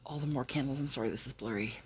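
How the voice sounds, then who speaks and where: A woman vlogging at home in a hushed, excited whisper, swearing casually as she shows things off. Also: rumbling low, very fast, a little hiss or hum. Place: indoors at home.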